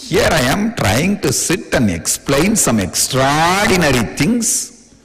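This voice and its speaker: Man with an Indian accent, high voice, sing-song delivery, spiritual discourse, long hall reverb. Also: sing-song, slow, fairly bright tone. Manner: playful, teasing, plain-spoken. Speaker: spiritual teacher.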